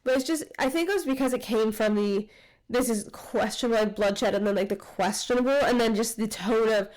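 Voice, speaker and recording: A woman's voice: a little high, a little fast, a little mellow. A woman co-hosting a podcast, chatting casually about a book, agreeable and fond of repeating "interesting". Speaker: podcast co-host.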